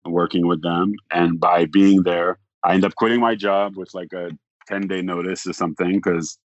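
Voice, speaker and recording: A man talking as a podcast guest, telling a long story in a rambling way, acting out the other people's lines and filling pauses with "like". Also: sits low, little pitch movement, no room sound, highs cut off. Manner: rambling, acts out quoted dialogue, frequent "like". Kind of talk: casual storytelling.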